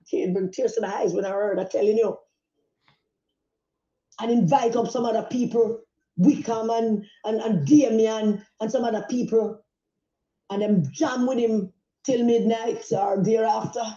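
A woman's voice: fairly high pitch, steady tone, a little slow, dark tone, roomy sound, lo-fi sound. An angry, agitated woman with a Jamaican accent, speaking out in a heated phone voice note. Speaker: politician in a voice note.

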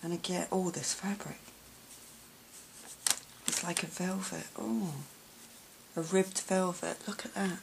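A woman filming a craft gift unboxing vlog, gushing and gasping with delight and often dropping to a soft whisper. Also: fairly low pitch, steady tone, slow, vocal fry, pauses often, noisy background. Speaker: craft vlogger.

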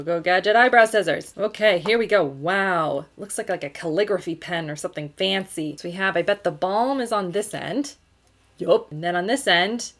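A young woman in her twenties chatting casually as she tries out makeup, bubbly and thinking aloud, recorded on a camera at home. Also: lowish voice. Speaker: beauty YouTuber. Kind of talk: casual makeup tutorial chat. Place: home filming setup, indoors.

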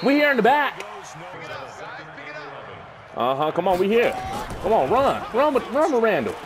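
A young man gives loud, playful trash talk while playing a football video game. His voice sits high and swings wildly between low mutters and excited shouts. Game crowd noise roars behind him. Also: moderate pace. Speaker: gaming YouTuber. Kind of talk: live gameplay commentary.

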